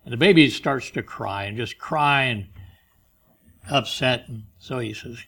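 A man preaching a sermon, pressing key phrases slowly and loudly, then dropping quiet for stories. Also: medium pitch, creaky. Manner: emphatic, slows and rises on key phrases, drops soft for stories.

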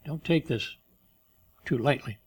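A man preaching a sermon, pressing key phrases slowly and loudly, then dropping quiet for stories. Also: mid-range voice, husky. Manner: emphatic, slows and rises on key phrases, drops soft for stories.

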